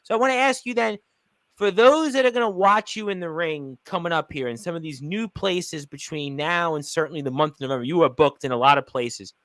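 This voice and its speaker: A male radio host asking questions in a relaxed, conversational way. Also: a little high, fairly quick, dry recording. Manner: brief reactions, conversational questions. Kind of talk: radio interview.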